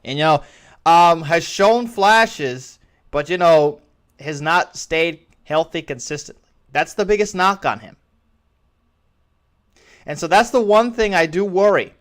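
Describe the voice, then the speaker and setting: Brief: male host, solo sports opinion show, smooth voice, slightly high, rambling restarts. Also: lively intonation, a little slow, long pauses, fairly bright tone. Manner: rambling, restarts phrases often. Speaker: podcast host.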